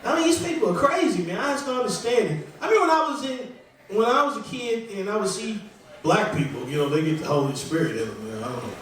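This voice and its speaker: Fast and expressive, a man with a high, somewhat bright voice performs a rambling, conversational comedy set at a small club, often at his own expense. Slight background noise, room echo, and a distant mic mark the recording.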